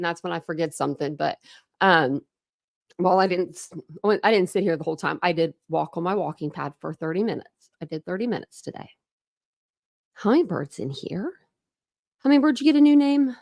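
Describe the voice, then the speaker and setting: A woman's voice: mid-range voice, vocal fry, no room sound, studio quality. Chatty woman hosting a home livestream. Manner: chatty, apologetic, greets viewers by name. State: a little out of breath. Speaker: livestream host. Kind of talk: casual livestream chat. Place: home room with dogs.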